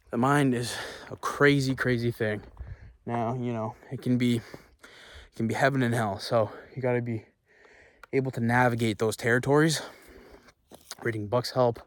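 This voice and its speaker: A man's voice: medium pitch, fairly bright tone, a little hiss or hum. Man coaching while walking uphill. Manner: emphatic, repeats words, frequent "okay?" and "right?"; talking while walking, puffs between thoughts. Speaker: sales coach. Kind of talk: casual coaching monologue. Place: walking outdoors on hilly ground.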